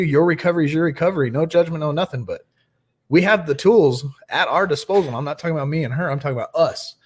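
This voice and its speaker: A young man hosting a nightly recovery livestream, chatting casually and greeting viewers by name. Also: a little high.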